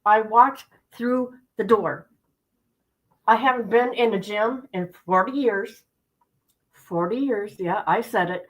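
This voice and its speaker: A woman's voice: mid-range voice, low-quality recording. A middle-aged woman hosting a livestream, chatting casually with viewers, talking straight to them and repeating points for emphasis. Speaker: livestream host. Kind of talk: casual chat with stream viewers.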